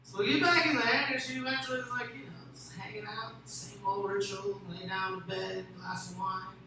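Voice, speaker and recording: Young man, crude rambling storyteller; high voice, distant mic with faint hiss. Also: fairly even intonation, moderate pace. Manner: crude, rambling, laughs often, swings from mumbling to shouting. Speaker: podcast host telling a story. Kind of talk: casual storytelling chat. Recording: echoey room, distant mic, faint noise.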